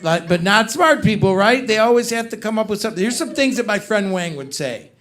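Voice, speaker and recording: A man doing a stand-up comedy set, telling animated stories and putting on voices for friends. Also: high voice, brisk. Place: comedy club stage with live audience. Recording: loud live crowd laughter. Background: audience laughter.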